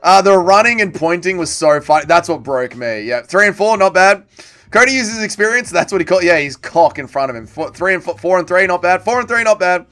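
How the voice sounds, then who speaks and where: Guy hosting a stream, kinda high voice, reading chat and joking around. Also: expressive, a little fast, pushed and bright. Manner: joking, reads chat aloud and answers. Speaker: livestream host. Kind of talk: casual chat reading viewer comments.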